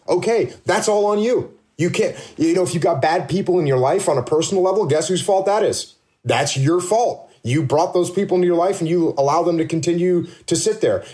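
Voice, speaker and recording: Blunt, emphatic man with a higher voice. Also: darkish tone. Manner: emphatic, blunt, rhetorical questions. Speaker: leadership consultant guest. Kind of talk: casual podcast conversation.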